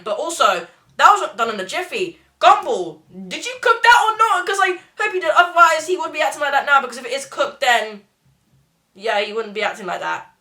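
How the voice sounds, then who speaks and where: A woman's voice: high voice, bright, forceful tone. A woman hosting a casual reaction video, rambling and laughing often.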